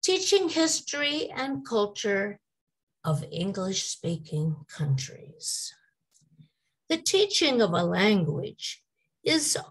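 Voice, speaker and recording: A woman giving a scripted English teaching presentation, modeling word and sentence stress with deliberate emphasis. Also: mid-range voice, husky, low-quality recording.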